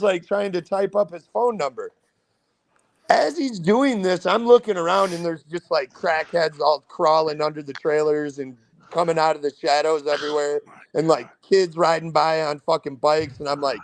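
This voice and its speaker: Gravelly young man telling a wild story. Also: fairly high pitch, normal speed. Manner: profane, rambling anecdote telling. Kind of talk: casual storytelling.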